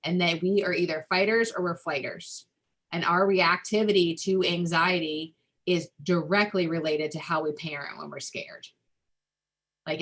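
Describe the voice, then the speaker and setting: A woman therapist talks a group through an exercise in a loose, conversational way, leaning often on "like" and "um." Her voice sits a little low for a woman. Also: normal speed, a bit bright. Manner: talks through ideas with frequent "like" and "um" fillers. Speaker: family therapist. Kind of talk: explanatory webinar talk.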